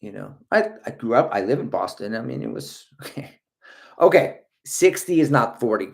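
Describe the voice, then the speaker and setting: A middle-aged man hosting a casual livestream about running. He reads out viewer comments and riffs on them with a chatty, joking manner, often breaking into a laugh. His voice sits at an ordinary male pitch. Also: big pitch swings, moderate pace, creaky. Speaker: running channel host.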